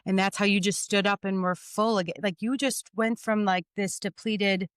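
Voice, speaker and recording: Woman host, smooth resonant voice, dry close mic, reflective and affirming. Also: mid-range voice, steady tone, normal speed, no echo. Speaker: podcast host. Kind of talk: conversational interview.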